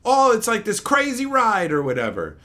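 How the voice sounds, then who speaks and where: A man's voice: sits high, huge pitch swings, normal speed. Guy ranting on his stream, swears a lot, voice swings all over the place. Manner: profane, exasperated, escalating into shouting rants. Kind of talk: ranting storytelling to a live chat.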